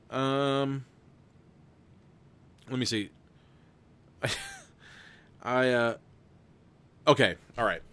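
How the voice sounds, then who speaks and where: A man's voice: mid-range voice, fairly bright tone. A young man hosting a live gamebook session, reading aloud and chatting casually, laughing often and swearing now and then. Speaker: host and narrator of a gamebook played live with chat votes.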